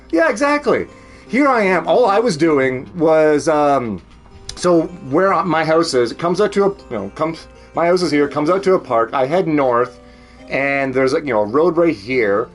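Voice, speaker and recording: Faint music plays as an animated man with a Canadian accent chats casually on a home stream. He speaks at a normal speed with a voice on the high side, rambling, laughing often and swearing freely.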